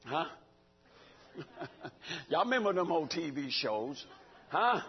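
Hollering preacher, older guy, high pitched and swinging all over, call and response. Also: sing-song, takes it slowly, muffled recording. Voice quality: raspy. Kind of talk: sermon.

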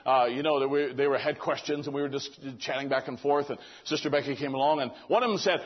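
Husky high-voiced male preacher. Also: animated, quick pace, dull audio. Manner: conversational storytelling with quoted dialogue. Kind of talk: sermon.

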